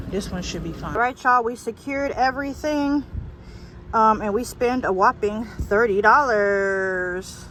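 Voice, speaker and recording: A woman's voice: mid-range voice, noisy background. A woman gardening vlogger from California chatting casually to her viewers, folksy and talkative, calling them y'all. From California, USA. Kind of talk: casual vlog chat to camera. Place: store aisles and outdoor garden.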